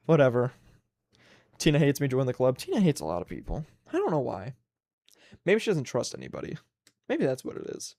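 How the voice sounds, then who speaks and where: Profane ranting young man, very lively pitch. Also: normal speed, no echo, clean studio sound. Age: 20s. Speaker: livestream host. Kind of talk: casual solo livestream rant.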